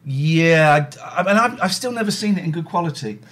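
A husky man in his forties, chatting casually and jokily as a podcast host. His pitch swoops widely as he talks, and he keeps breaking into silly voices. His voice sits a little higher than most men's. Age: 40s. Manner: animated, jokey, quick to break into silly voices. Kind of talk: casual chat.

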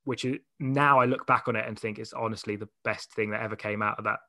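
A young man, chatting as an interview guest, talking in a loose, animated way full of "like"s and restarts. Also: fairly low pitch, fast, no room sound. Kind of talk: casual conversational interview.

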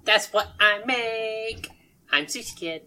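A woman's voice: on the high side, slow pace, slight background noise, voice pushed up, full character voice. A woman voicing a cheerful, oddball young male sushi maker who talks breezily about grim things. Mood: chirpy. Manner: chirpy, rambling, a bit deadpan about grim things.

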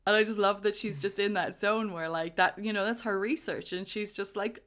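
A woman's voice: medium pitch, moderate pace, few pauses, fairly bright tone. A woman co-hosting a casual podcast, talking about a film in a chatty way and laughing often. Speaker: podcast co-host.

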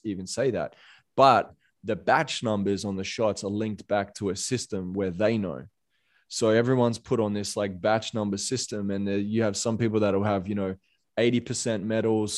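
Man, low voice, rambling casual podcast talk, impassioned, fillers everywhere. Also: steady tone, normal speed, a little mellow. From Australia. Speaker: podcast guest.

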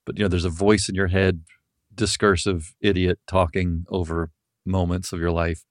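A man's voice: low-pitched, level tone, normal speed, no echo, studio quality. A man hosting a podcast, telling loose stories in casual talk and swearing now and then. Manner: loose storytelling, swears, laughs easily. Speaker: podcast host. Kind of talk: casual chat.

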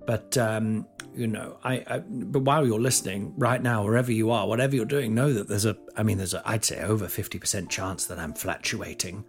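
A man's voice: brisk, hardly any pauses, faint music behind. A man, hosting a podcast in a rambling, self-mocking comic monologue. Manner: self-mocking, giggly, lively swings in pitch. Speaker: podcast host, comedian.

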